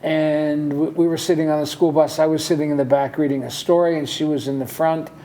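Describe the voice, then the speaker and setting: A man telling the story of how he met his partner in casual chat, with gentle humor. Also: on the high side, level tone, fairly quick.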